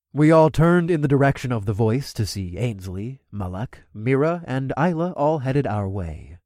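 A man reads a first-person fantasy audiobook with an animated, swooping delivery. His voice sits at an ordinary pitch for a man. It is recorded close on a studio mic in a dry, dead space. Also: no echo. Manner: expressive, lively reading. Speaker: narrator.

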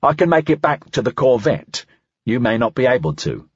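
A man voicing a practical young male deputy who speaks in a calm, gently reminding way in an audiobook. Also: medium pitch, moderate pace, husky, no echo, muffled recording. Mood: steady.

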